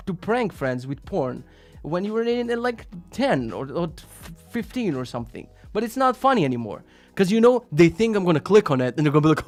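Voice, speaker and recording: A male live-streamer with a somewhat high voice talks casually as he reads through links from viewers. His delivery is sarcastic and full of swearing, rising to loud rants and then dropping to mutters. Faint music plays behind him. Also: animated, moderate pace, no echo. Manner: profane, sarcastic, swings between loud rants and mumbled asides.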